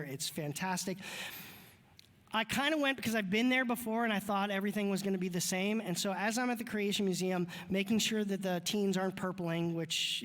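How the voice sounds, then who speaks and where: High-voiced man joking from a pulpit. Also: a bit bright. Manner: joking, conversational, chatty asides. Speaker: pastor. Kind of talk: casual sermon. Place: church sanctuary. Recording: reverberant church hall.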